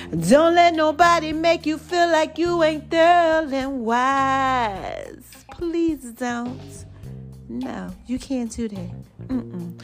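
Lively high-voiced woman giving casual motivation. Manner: playful, preachy, breaks into sung lines and laughs. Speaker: vlog host.

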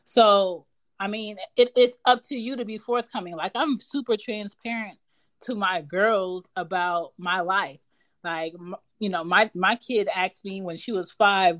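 A woman's voice: mid-range voice, unhurried, fairly bright tone, no echo. Blunt, candid woman in casual chat. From Philadelphia. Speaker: mother of daughters.

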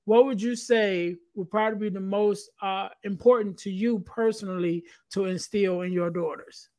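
A man's voice: sits high, steady tone, normal speed, mellow, no echo. A man hosting a casual podcast interview, methodically listing points and repeating them back to his guest. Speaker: podcast host.

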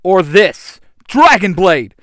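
A man voicing a brave young male team leader who shouts bold battle cries. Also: medium pitch, animated, a little slow, dry recording, studio quality. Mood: fierce.

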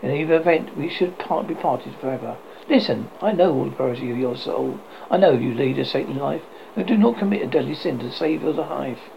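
Guy voicing a stern cold french husband, rough edge, faint hiss. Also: mid-range voice, expressive, brisk, hardly any pauses, mellow. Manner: cold and commanding. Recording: slightly dull, faint hiss.

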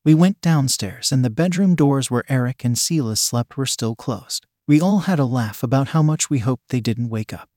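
A man narrating a first-person story in a plain, even reading voice. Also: mid-range voice, moderate pace, few pauses, no room sound, clean studio sound.

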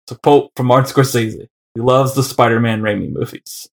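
A man's voice: mid-range voice, steady tone, brisk, hardly any pauses. A man co-hosting a casual podcast chat, joking around and laughing often. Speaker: podcast co-host.

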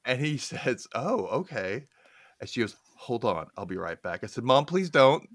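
A man's voice: on the low side, moderate pace, no echo. A man telling family stories in a casual conversation, laughing often and acting out the people he quotes. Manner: animated storyteller, laughs often, acts out quoted voices. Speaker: guest.

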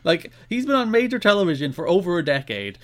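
A man with a fairly high voice co-hosts a casual podcast chat. He rants with exasperation, and his pitch swings widely as he talks. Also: quick pace. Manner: animated, exasperated ranting. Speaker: podcast co-host.

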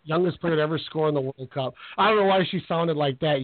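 A man hosting a sports radio show, telling stories with animated energy and acting out the players in quoted voices. His voice sits a bit high for a man. The sound is tinny and narrow, like a phone line. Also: fast. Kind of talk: casual sports radio chat.

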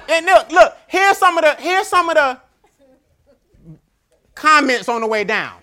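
Man, keynote speaker, high bright voice, animated storytelling, emphatic repeats. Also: unhurried, long pauses, a faint crowd. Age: adult father. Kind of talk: motivational keynote speech.

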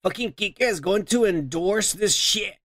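A man's voice: sits high, animated, unhurried, a bit bright, no room sound. A man hosting a casual podcast, rambling and cursing as he reads out listener comments. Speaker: podcast host.

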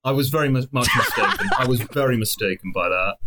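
A man's voice: medium pitch, quick pace, heavy background noise. A young man from Mexico trades stories on a casual podcast and drops swear words into almost every sentence. His talk is loose and rambling, and his voice sits in an everyday middle range. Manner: swears constantly, rambling anecdotes.

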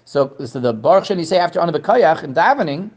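Halting man teaching a Torah class. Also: animated, darkish tone. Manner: halting, repeats words, rises in pitch to stress points.

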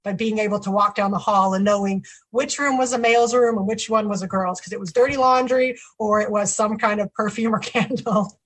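A woman recalls her dorm days in a casual, relaxed way. Her voice sits in a middle range. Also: mid-range voice, a little fast, hardly any pauses. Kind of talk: casual reminiscing.

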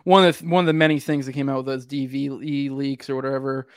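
A man's voice: mid-range voice, level tone, quick pace, smooth, no room sound, studio quality. Rambling man hosting a podcast. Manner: rambling, filler-heavy phrasing. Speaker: podcast host. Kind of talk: casual podcast conversation.

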